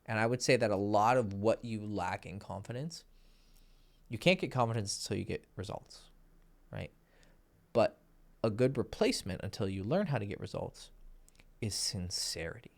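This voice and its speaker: A man's voice: fairly low pitch, lively intonation, normal speed, vocal fry. A man giving crude, blunt dating advice in a casual, lecturing monologue, full of profanity. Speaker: dating coach.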